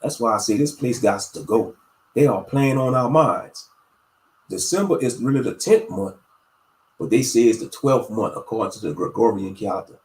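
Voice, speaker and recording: A man's voice: mid-range voice, normal speed, darkish tone, reverberant, rough recording. A man hosting a casual religious livestream, talking to his viewers in a meandering, preachy way with lots of fillers. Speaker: livestream host.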